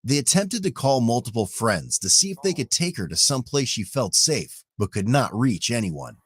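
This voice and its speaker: A man's voice: mid-range voice, big pitch swings, normal speed, breathy edge. A man reading matter-of-fact scripted narration. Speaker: documentary narrator.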